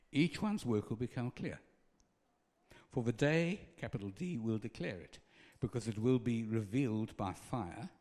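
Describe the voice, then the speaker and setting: A man's voice: medium pitch, dark tone, long reverb tail. A man preaching a conversational sermon and acting out little scenes.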